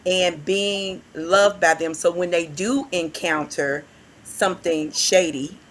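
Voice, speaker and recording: A woman who works with youth, telling animated stories in a casual podcast chat and acting out the voices she quotes. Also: fairly low pitch, slow. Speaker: youth worker and guest.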